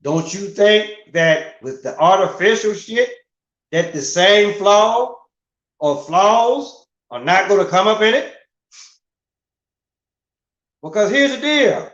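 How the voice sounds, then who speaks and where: A man's voice: high-pitched, a bit bright. A middle-aged man in a casual, profane rant as a livestream host, asking rhetorical questions with emphasis. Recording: roomy, dull lo-fi sound.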